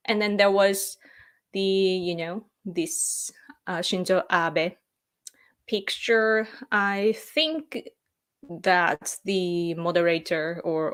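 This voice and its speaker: A young woman hosting a casual live stream, hesitant, with many pauses and filler words and small laughs. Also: lowish voice, fairly bright tone. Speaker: livestream host. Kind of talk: casual live-stream recap, reading viewer comments.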